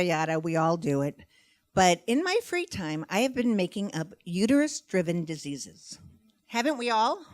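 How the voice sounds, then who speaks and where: On stage before a live audience, a middle-aged woman does stand-up about motherhood, telling stories in an animated, self-deprecating, chatty way. Her voice is medium-pitched, and there is no echo.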